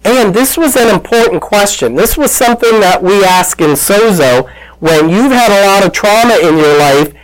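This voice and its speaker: A man's voice: sits high, lively intonation, moderate pace, rough recording. A man preaching a sermon as pastor, retelling a story and acting out the voices in it. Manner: storytelling, acts out quoted voices, calls out to listeners.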